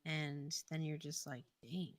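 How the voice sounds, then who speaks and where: A woman's voice: fairly low pitch, a little slow, a bit bright, no echo. A young adult woman co-hosting a casual stream, chatty and giggly, often saying "like". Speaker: co-host of game development stream. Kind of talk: casual chat.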